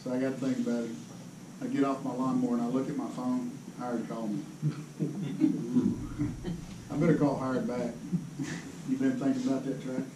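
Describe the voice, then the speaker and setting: With a mid-range voice, fairly even intonation, and normal speed broken by long pauses, a fishing pro tells casual, rambling stories to a seminar crowd and laughs often. The folksy talk comes from an indoor tackle show hall, captured by a distant mic with echo and crowd noise.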